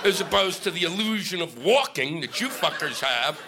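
Middle-aged guy ranting on stage, high voice swinging all over, noisy live room. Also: animated, moderate pace. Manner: profane, ranting, exasperated. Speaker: stand-up comedian. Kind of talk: stand-up comedy set. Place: stage before an audience.

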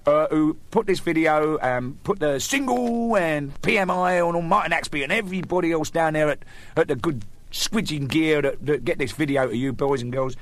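A man's voice: a little high, moderate pace. A man with an English accent telling rambling jokes to camera, chuckling and restarting often. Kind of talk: casual joke telling to camera.

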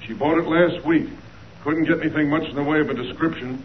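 A police sergeant over the phone. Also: male voice, on the high side, fairly even intonation, fast, a little hiss or hum. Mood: matter-of-fact. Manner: matter-of-fact reporting. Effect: telephone. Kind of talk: 1940s radio acting. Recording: muffled telephone line on old radio.

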